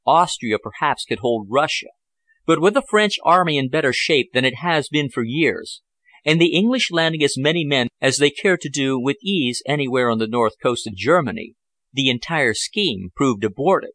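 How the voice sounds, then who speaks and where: A man's voice: mid-range voice, animated, moderate pace, fairly bright tone, dry recording. A man voicing a hearty, confident diplomat who explains affairs expansively in an audiobook. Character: Bellamy, confident man-about-town diplomat.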